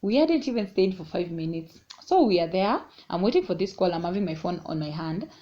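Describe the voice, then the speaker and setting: Animated young woman storyteller. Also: lowish voice, fairly quick. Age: young adult. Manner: animated, mixes English and Swahili. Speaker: vlogger. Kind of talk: casual storytime. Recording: dull lo-fi sound.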